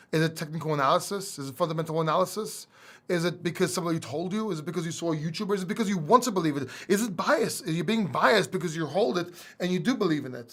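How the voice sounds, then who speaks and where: High-voiced blunt man hosting a livestream. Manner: animated, fires off rhetorical questions; blunt and mocking. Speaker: crypto channel host. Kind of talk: casual livestream Q&A.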